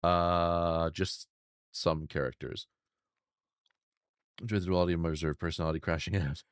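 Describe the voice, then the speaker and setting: A man's voice: low voice, fairly even intonation, normal speed, smooth, no room sound, clean studio sound. A man streaming a game, chatting casually with his chat, swearing freely, laughing often and wandering off on asides. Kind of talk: casual chat reading stream chat while gaming.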